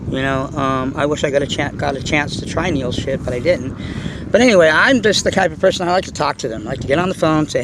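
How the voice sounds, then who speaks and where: A middle-aged man with a voice on the high side talks quickly outside, a faint hiss or hum present. The RC car vlogger delivers a rambling, filler-heavy rant about his hobby, cursing and speaking bluntly.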